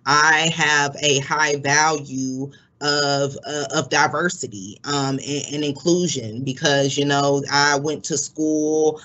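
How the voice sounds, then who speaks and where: A man's voice: on the high side, fairly even intonation, slow, few pauses, bright, forceful tone. A man from Florida hosting a webinar over a video call, talking reflectively with many fillers and restarts. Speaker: webinar host. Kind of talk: webinar moderation.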